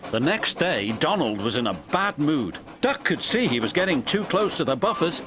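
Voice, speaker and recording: A man reading a children's storybook aloud in an expressive, sing-song way. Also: on the high side, normal speed, background noise. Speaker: storybook narrator. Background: background music.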